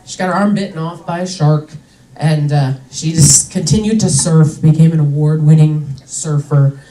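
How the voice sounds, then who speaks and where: A woman's voice: sits low, fairly even intonation, moderate pace, warm tone, echoey room, far from the mic, low-quality recording. A young adult woman doing a stand-up comedy set on a club stage, chatty and indignant, with lots of "like" fillers.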